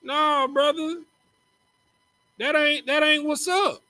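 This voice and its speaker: Man, very high voice, bright, casual lecture, slangy and joking, repeats words. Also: fairly even intonation, slow, dry recording, low-quality recording. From Texas. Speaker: teacher in a religious group class.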